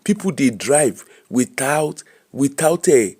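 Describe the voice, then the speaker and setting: Man, nigerian pidgin accent, middle-aged, casual live-stream chat, animated, mixes pidgin and english. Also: medium pitch, slow, breathy edge. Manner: animated, laughing, switching between Pidgin and English. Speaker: host.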